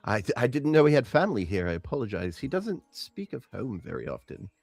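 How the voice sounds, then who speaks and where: A man voicing a vain, smooth-talking half-elf bard who stammers on restarts. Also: mid-range voice, very animated, brisk, darkish tone, no echo, faint music behind, pitched above the performer's own voice. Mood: charming. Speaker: player.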